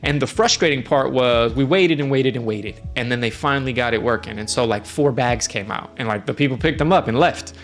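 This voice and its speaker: A brisk, medium-pitched American voice with few pauses tells travel tales over soft background music. He is a streamer host based in Norway, chatting indoors in a friendly, meandering style packed with fillers.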